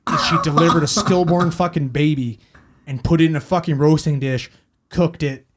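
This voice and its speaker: A man's voice: fairly high pitch, steady tone, moderate pace. A man, a paramedic telling a story in casual podcast chat, profane and rambling as he acts out quotes.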